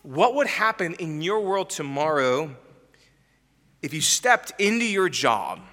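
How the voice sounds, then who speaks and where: A man delivers a sermon in a bright, ringing voice, pitched fairly high for a man. He preaches emphatically, pressing his listeners with rhetorical questions. His voice carries a long reverb from a large church hall. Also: sing-song, slow pace. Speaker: pastor.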